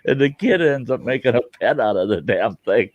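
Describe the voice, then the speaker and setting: A man's voice: mid-range voice, animated, normal speed, dry recording, dull audio. A man chatting casually on his show, telling movie stories in a rambling way and laughing at his own retellings. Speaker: show host. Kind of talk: casual chat.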